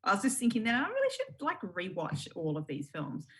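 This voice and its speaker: A woman's voice: mid-range voice, huge pitch swings, brisk. A woman co-hosting a podcast, thinking aloud thoughtfully in a casual film chat. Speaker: podcast co-host.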